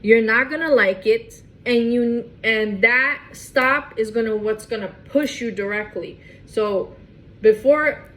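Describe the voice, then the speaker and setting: A woman's voice: on the high side, slow, a bit bright, poor audio. A woman doing a casual tarot reading to camera, emphatic and repetitive, often restarting her phrases. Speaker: tarot reader.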